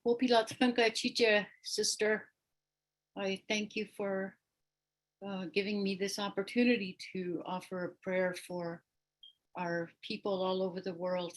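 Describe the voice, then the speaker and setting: An older woman from the Oglala Sioux Nation, an invited elder offering a gentle, reflective spoken prayer. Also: medium pitch, monotone, unhurried, rough recording. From USA, Oglala Sioux Nation.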